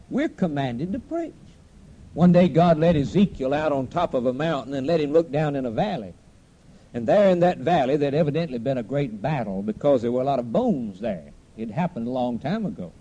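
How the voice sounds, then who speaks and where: A man preaching a sermon on the radio, impassioned, rising to cries and dropping to a hush. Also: mid-range voice, highs cut off.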